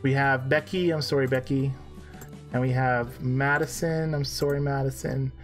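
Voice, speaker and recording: A man's voice: medium pitch, steady tone, normal speed, faint music behind. Joking man chatting over a farm game. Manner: joking, self-deprecating, laughs at himself. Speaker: live stream co-host. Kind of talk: casual gameplay live stream chat.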